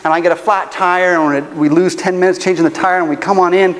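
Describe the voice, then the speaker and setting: A man preaching a sermon, telling a personal story in an animated, humorous way. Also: high-pitched, a little fast, big-room sound, poor audio. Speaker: pastor. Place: church auditorium.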